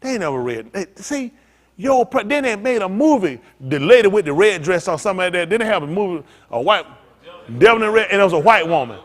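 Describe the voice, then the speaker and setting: Man, pastor, high voice, swooping animated delivery, joking sermon. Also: fairly quick. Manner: animated, joking, talks to the congregation. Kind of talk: freewheeling preaching with comic asides.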